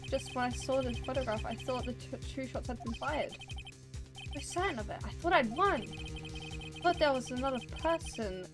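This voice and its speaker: A woman voicing a shaken young male defense attorney who speaks quietly and slowly, sounding defeated, with game music behind. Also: high voice.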